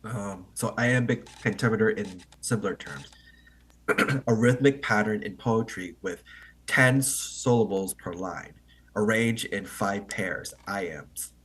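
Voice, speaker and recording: A man hosting an online English meeting, explaining poetry to learners in a halting, think-aloud way and often checking with "right?". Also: on the low side, fairly bright tone, slight background noise.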